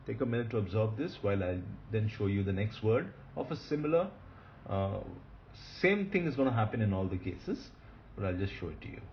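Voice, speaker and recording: Guy teaching hebrew grammar, low-ish voice, repeats stuff patiently, muffled lo-fi sound. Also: big pitch swings, a little fast, a little hiss or hum. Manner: patient, repeats key points, frequent fillers. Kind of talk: recorded lecture. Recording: dull lo-fi lecture recording.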